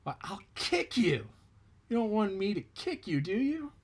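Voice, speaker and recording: A man voicing a cocky trickster male rabbit in a folk tale, making high, indignant, blustering threats. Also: very animated, measured pace, full character voice.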